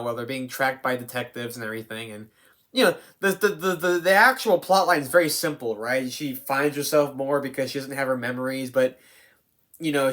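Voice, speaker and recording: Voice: medium pitch, fairly bright tone. A film reviewer talking casually and unscripted, rambling with many restarts and free swearing. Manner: rambling, lots of fillers and restarts, swears freely.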